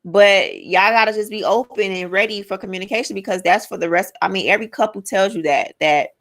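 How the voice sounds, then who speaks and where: A woman co-hosting a casual podcast chat, reading out viewer comments and reacting in an animated, lively way. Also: mid-range voice, brisk.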